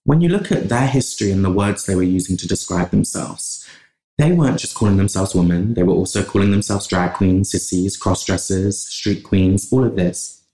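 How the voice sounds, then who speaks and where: Gravelly man, passionate. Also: deep voice, warm tone. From England. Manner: passionate, talks in long runs with restarts. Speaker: podcast guest. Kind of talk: conversational interview. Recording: roomy echo.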